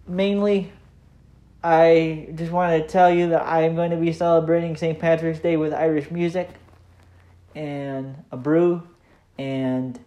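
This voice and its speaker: A man's voice: fairly high pitch, dark tone. A man hosting his own podcast, talking in a casual, easygoing solo monologue that rambles with frequent hesitations. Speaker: podcast host.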